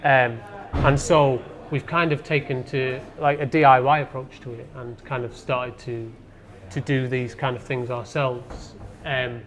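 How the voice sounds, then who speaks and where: A man's voice: medium pitch, fairly even intonation, unhurried, hardly any pauses, a bit bright. A man, an independent filmmaker, talking casually in an interview with many hesitant ums.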